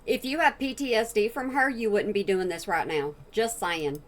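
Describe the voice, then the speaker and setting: A woman's voice: medium pitch, normal speed. A woman giving blunt, opinionated casual commentary as a reaction channel host.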